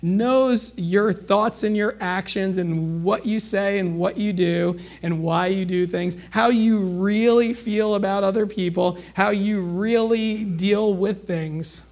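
High-voiced man preaching a lively sermon. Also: slow pace, few pauses. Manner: conversational preaching, acts out dialogue, frequent "okay?".

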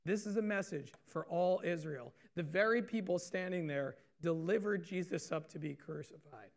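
A man's voice: high-pitched, moderate pace. A man preaching a sermon in a conversational way, repeating phrases and asking his audience questions. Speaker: pastor.

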